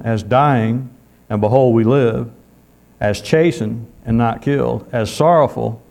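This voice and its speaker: A man's voice: medium pitch, darkish tone. A man preaching a sermon in a folksy way, calling out amen often.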